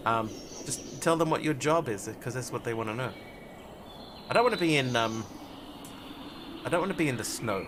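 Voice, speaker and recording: A man's voice: mid-range voice, animated, a little fast, noisy background. A man live-streaming a game, chatting casually and jokily with his viewers as he plays. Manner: rambling, jokey, chatty with viewers. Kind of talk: casual live-stream chat while playing.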